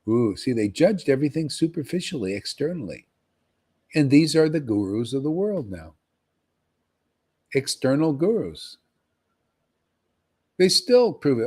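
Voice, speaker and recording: A man preaching on a livestream in an emphatic, animated way, often tossing in "man.". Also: medium pitch, unhurried, pauses often, slightly rough. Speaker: spiritual teacher.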